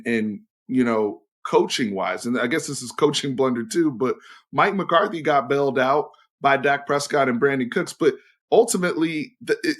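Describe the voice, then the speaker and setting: A young adult man giving opinionated, blunt commentary as a sports host. He swears freely and swings between loud outbursts and low, emphatic asides.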